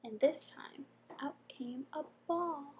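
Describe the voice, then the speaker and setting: A woman reading a bedtime story aloud with gentle expression and soft whispered asides. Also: sits high, takes it slowly, a little hiss or hum, rough recording.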